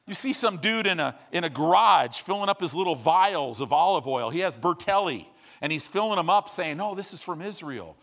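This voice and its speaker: A male preacher delivers a sermon with a high, bright-sitting voice. His pitch swings widely as he tells stories and acts out what people say. He moves between casual asides and slow, emphatic teaching points. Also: creaky. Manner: animated storytelling with acted-out quotes.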